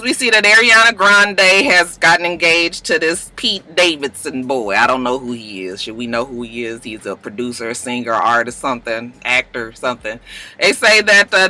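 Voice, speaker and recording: A man's voice: high-pitched, bright, forceful tone, low-quality recording. A man from Los Angeles, hosting a casual, profane gossip podcast, laughing often and acting out the people in his stories. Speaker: podcast host.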